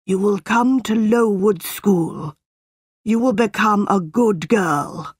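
A woman voicing a stern, cruel tall man who owns a school, speaking slowly and threateningly. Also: medium pitch, husky, no room sound, studio quality. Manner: slow, preaching, threatening.

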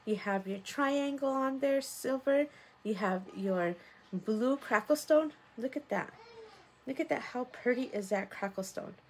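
A woman's voice: fairly high pitch, a little slow, a little mellow, slight background noise, low-quality recording. A woman running a casual live stream selling jewelry, chatty and upbeat, greeting viewers by name as she shows each piece. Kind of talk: casual live sales chat.

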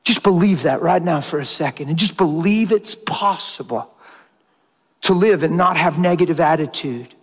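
A man delivers a sermon in a fairly high voice, stressing his points by repeating phrases. His words ring out with a long reverb that suggests a large hall. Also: moderate pace, breathy edge. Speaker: preacher.

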